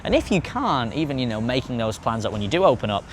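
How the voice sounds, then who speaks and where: A man's voice: medium pitch, very animated, quick pace, a little hiss or hum. A man talking as a podcast guest in casual conversation, rambling off on tangents and swearing freely.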